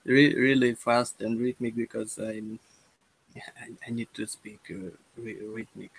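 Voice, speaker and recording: A young man with a Russian accent, a language student chatting in a lesson, halting with many restarts and repeated words. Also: medium pitch, little pitch movement, vocal fry, a little hiss or hum, poor audio. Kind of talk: casual conversation lesson.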